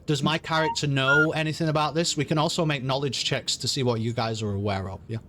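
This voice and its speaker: A man's voice: mid-range voice, steady tone, fast talker, bright, forceful tone, a little hiss or hum. Chatty male game master, patient. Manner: patient, explanatory, many "um"s and restarts. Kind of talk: running an online tabletop game.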